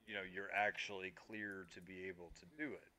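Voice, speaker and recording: A man's voice: deep voice, steady tone, a little fast, sharp tone. A man co-hosting a casual gaming podcast, explaining things in an emphatic way and swearing casually. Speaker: podcast co-host. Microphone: streaming microphone.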